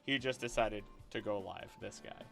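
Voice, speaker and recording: Chatty man streaming over soft music. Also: fairly low pitch, moderate pace, creaky. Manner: rambling, chatty, laughs often. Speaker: livestream host. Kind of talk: casual live-stream chat. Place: home room.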